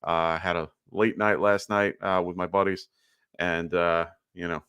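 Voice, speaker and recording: A man's voice: deep voice, little pitch movement, moderate pace, a bit bright, clean tone, no room sound. A man with a slight lisp hosting a live fantasy football Q&A, talking loosely with lots of fillers and sounding short on sleep. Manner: loose, chatty, many fillers. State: tired from little sleep. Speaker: fantasy football livestream host. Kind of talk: casual live Q&A commentary.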